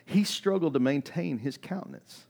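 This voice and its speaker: A man preaches a sermon with a somewhat raised pitch. He speaks casually to his listeners and often sinks his voice to a murmur for emphasis. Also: lively intonation, normal speed, gravelly, darkish tone. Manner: conversational preaching with sudden drops in volume; acts out quoted voices in reading. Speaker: pastor.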